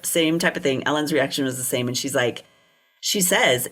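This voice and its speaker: A woman's voice: extremely low pitch, normal speed, fairly bright tone, slightly rough. A woman co-hosting a podcast, telling a true-crime story in a chatty way, swearing freely and quoting people in little voices. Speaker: podcast co-host.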